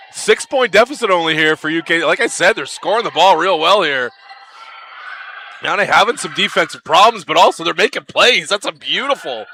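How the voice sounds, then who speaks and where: Bright-voiced male basketball play-by-play caller. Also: on the high side, a little hiss or hum. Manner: lively and chatty, with excited calls. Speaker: play-by-play commentator. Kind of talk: live basketball commentary.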